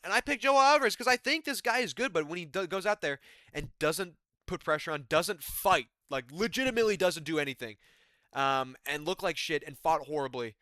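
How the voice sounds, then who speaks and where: A man's voice: fairly high pitch, bright, forceful tone, clean tone, no room sound, clean studio sound. A man giving a rambling, profane, exasperated casual recap of a fight card. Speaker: MMA commentary YouTuber.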